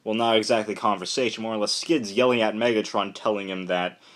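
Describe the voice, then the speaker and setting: Young adult man, slightly low voice, casual comic review, rambling and excitable, heavy on fillers. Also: fairly quick.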